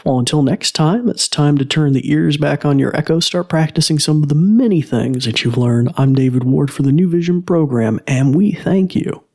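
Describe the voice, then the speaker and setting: Gravelly rambling man hosting. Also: on the high side, moderate pace, few pauses, a little mellow. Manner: rambling, self-correcting, friendly. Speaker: podcast host. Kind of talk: casual tech podcast talk.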